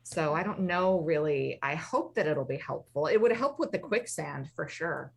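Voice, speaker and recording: A woman's voice: deep voice, animated, moderate pace, gravelly, breathy edge. A woman playing a tabletop game, rambling and hesitant with many fillers. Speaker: player. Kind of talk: casual tabletop game chat.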